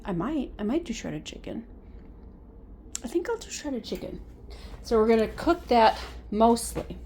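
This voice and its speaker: Home-cook vlogger woman, easygoing rambling chat in her kitchen, clear background noise. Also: mid-range voice. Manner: rambling, thinks aloud with fillers. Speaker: cooking vlogger. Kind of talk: casual cooking vlog chat.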